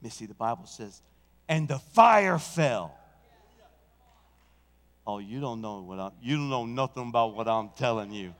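A male senior pastor preaching a sermon, telling stories and building to shouted peaks in a church sanctuary. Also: lowish voice, fairly quick, hardly any pauses, clear, resonant tone. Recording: long church hall reverb.

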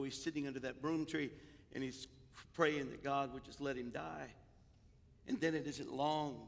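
An older man preaching a sermon as pastor, moving between quiet storytelling and loud, rising exhortation. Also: on the high side. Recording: echoey hall with long reverb.

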